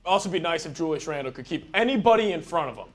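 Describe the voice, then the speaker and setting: A man's voice: fairly high pitch, animated, fast. A man co-hosting a fan game stream, giving blunt, exasperated color commentary with casual slang.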